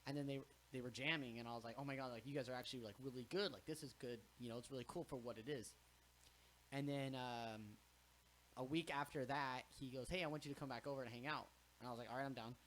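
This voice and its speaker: A young man chats casually as a podcast host, spinning animated stories and swearing freely. He jumps into other people's voices as he tells them, with a mid-pitched voice. A faint hiss sits under the recording. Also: fast talker. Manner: animated storyteller, swears freely, acts out quotes. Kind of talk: casual chat.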